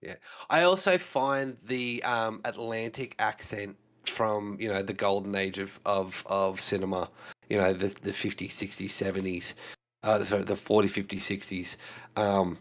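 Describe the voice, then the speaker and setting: A man co-hosts a relaxed podcast chat, talking things through in a loose, explanatory way. His voice sits on the lower side, and he fills the gaps with plenty of casual fillers. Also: unhurried. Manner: chatty, explaining, full of fillers like "you know". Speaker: co-host.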